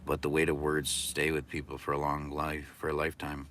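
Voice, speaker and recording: A man's voice: extremely low pitch, completely flat delivery, fairly quick, sharp tone, slight background noise. A man ranting profanely and philosophizing from his car during a casual livestream. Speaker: livestreaming delivery driver.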